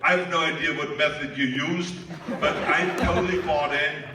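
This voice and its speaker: A man's voice: a little high, fairly even intonation, normal speed. An older man telling joking anecdotes at a live stage Q&A, laughing often and rambling with fillers. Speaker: guest actor. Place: theater stage before an audience. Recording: echoey hall, from far off, crowd noise.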